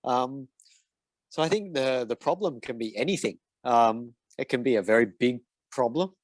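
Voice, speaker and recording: A man's voice: mid-range voice, expressive, normal speed, dry recording. Hesitant man mentor, dry close sound. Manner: hesitant, lots of fillers and restarts. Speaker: design mentor answering questions. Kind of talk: casual Q&A in an online session.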